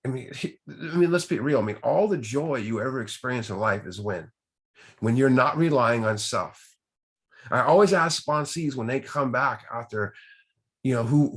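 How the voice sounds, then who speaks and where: A man's voice: medium pitch, husky. A man leading a recovery group study, teaching earnestly from the text with rhetorical questions and repeated key words.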